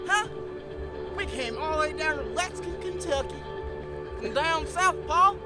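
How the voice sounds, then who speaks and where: A young man, a college football player, hyping up the camera with loud, slangy talk while cold outdoors at a football field. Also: very high-pitched, unhurried, long pauses, loud music behind the voice. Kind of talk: hyped-up joking to camera.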